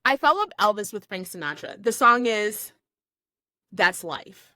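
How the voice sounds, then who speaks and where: A woman in her forties hosting a podcast, chatting casually and telling stories in an animated way, acting out what people said. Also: medium pitch, a little slow, no echo. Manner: animated storyteller who acts out quotes. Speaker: podcast host. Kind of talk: casual chat.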